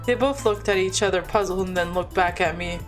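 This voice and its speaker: Reading a visual novel at a fairly quick pace, a lowish-voiced woman narrates the game's dialogue and narration over soft background music. She keeps breaking off to make chatty side comments.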